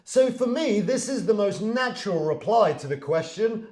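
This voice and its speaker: Chatty British man with a high voice. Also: normal speed, echoey room. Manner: relaxed and chatty, laughs easily, acts out example greetings. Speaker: English teacher. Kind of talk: casual video lesson to camera.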